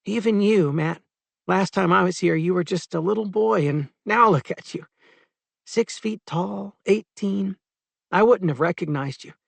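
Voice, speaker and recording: Guy doing a rueful young woman, pitched up, kinda self-mocking, dry close sound. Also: unhurried, creaky, no echo, full character voice. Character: young woman, embarrassed, later defensive.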